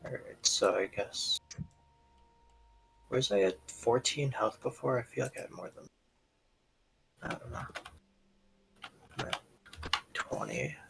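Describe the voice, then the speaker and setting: A man's voice: lowish voice, very animated, slow pace, creaky, long pauses, a bit bright, a little hiss or hum, low-quality recording. A man playing a tabletop game, talking loosely and chatting through his moves. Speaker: player. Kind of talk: casual tabletop game play.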